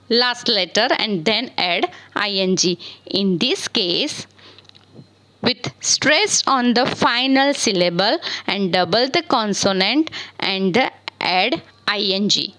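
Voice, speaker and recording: A woman's voice: on the high side, a bit bright, poor audio. A woman teaching English grammar in a screen-recorded lesson. She spells words out letter by letter and asks questions that she answers herself. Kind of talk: slow spelling lesson on verbs.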